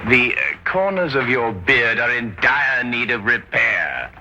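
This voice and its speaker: An actor playing Sherlock Holmes, a brisk and wry Victorian detective, speaking crisply and formally in 1950s television drama style. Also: male voice, mid-range voice, big pitch swings, bright, forceful tone, muffled recording, soft background music, heavily acted.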